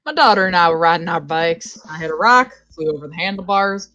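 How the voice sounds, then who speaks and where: A woman voicing a quiet, gruff middle-aged dad with a low, dry, understated delivery. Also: lively intonation, a little fast. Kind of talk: voicing a game character on stream.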